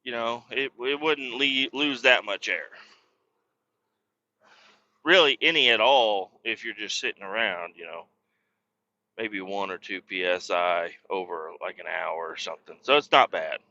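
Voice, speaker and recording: A man's voice: fairly low pitch, unhurried, bright, forceful tone, lo-fi sound, a little hiss or hum. A man, a truck driver, hosting a podcast and telling a rambling story in casual, profane talk, raising his voice when he quotes people.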